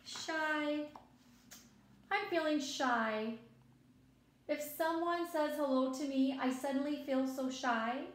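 A woman reading a picture book aloud to young children, gentle and expressive, pausing to talk to her listeners. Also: sits high, heavy reverb. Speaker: children's story time reader.

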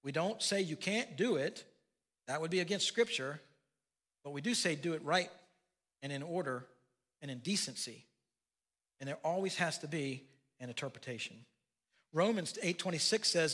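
Bright folksy pastor, older man. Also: on the high side, lively intonation, moderate pace, husky. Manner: folksy storytelling with laughs and asides. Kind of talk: sermon.

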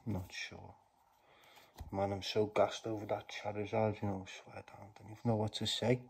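A man chatting casually to viewers as he opens card packs, bursting into loud exclamations between quieter mumbled remarks. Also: fairly low pitch, level tone, normal speed, gravelly, breathy edge. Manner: slangy, chatty address to viewers. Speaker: YouTuber opening trading card packs. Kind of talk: casual vlog commentary.

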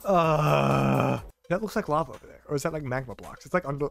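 A young man commentating a game on a live stream, excitable, swearing, laughing and shouting at what happens. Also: sits high, brisk, gravelly, hardly any pauses, faint music behind.

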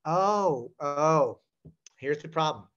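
A man softly doing a soothing grandmother. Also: on the high side, lively intonation, takes it slowly, lo-fi sound. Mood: gentle coaxing. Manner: soft, hushed and soothing. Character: gentle grandmother soothing quarreling small boys.

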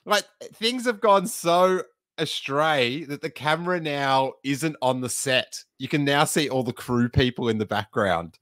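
Joking man, bright and dry. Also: mid-range voice, unhurried, hardly any pauses, no room sound. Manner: joking, animated reactions. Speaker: podcast host. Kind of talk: casual chat.

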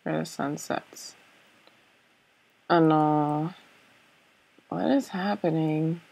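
Her deep, gravelly voice is a little mellow, with fairly even intonation and drawn-out words, captured in a rough recording. As a let's-play gamer, she thinks aloud through a puzzle game, unsure of herself, saying "okay" again and again among many fillers.

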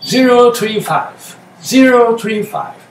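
A man briefly putting on a ship's mate captain who calls out steering orders in a brisk, matter-of-fact way. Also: very high-pitched, pitched above the performer's own voice. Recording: echoey room, distant mic, faint noise.

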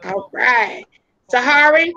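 Brief: woman teacher, high bright voice with a sharp edge, casual Southern US speech, muffled video call audio. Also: animated, slow pace. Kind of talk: online class roll call and introduction.

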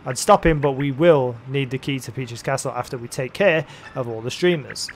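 A man voicing a cheerful young paper girl companion, upbeat and lifted a little higher than his own voice. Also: normal speed, a little hiss or hum, lightly acted.

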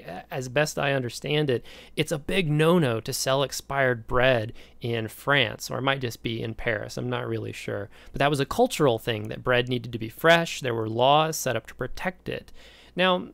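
An American man giving a recorded lecture, telling a story from his own life in an animated way. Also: mid-range voice, creaky, dry recording. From United States. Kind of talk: recorded lecture with a personal anecdote.

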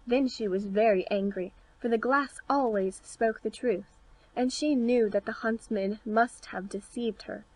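Clear-voiced woman reading a fairy tale. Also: on the high side, a little slow, low-quality recording. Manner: clear, steady read-aloud delivery. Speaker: audiobook narrator. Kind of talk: scripted storybook narration.

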